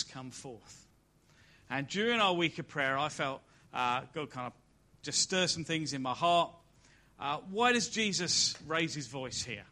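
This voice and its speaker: A man's voice: mid-range voice, pushed and bright. A man preaching a sermon, reading scripture aloud and building each point with rising and falling emphasis. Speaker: pastor.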